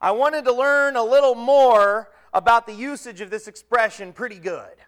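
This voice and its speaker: A male preacher with a fairly high, smooth and resonant voice gives a relaxed, conversational sermon. He talks in a folksy way, pokes fun at himself and fills his pauses with ums and uhs. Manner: folksy, self-deprecating humor with many fillers.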